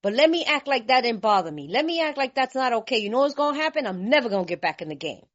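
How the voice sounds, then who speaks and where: A woman from California sharing her story at a recovery meeting, blunt, animated and laughing, with streetwise talk. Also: on the high side, quick pace. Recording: dull lo-fi recording.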